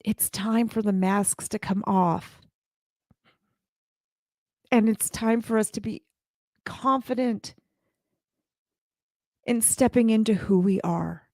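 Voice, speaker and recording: A woman's voice: medium pitch, takes it slowly, pauses often, darkish tone, no echo, clean studio sound. A woman in her forties gives a heartfelt motivational talk to live viewers as a community leader, speaking earnestly and repeating her phrases.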